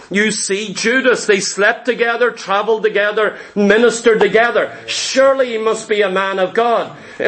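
A pastor with a notably high-pitched male voice delivers a sermon. He preaches emphatically, pressing his listeners with rhetorical questions. He often repeats a word or two as he launches into a phrase. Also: fairly bright tone. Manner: repeats words when starting phrases.

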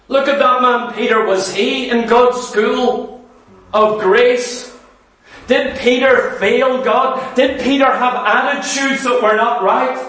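A man preaching with an unusually high voice. He speaks slowly and earnestly, and keeps putting questions to his listeners. His voice rings through a very echoey hall from some distance off the mic. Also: a bit bright. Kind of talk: sermon.

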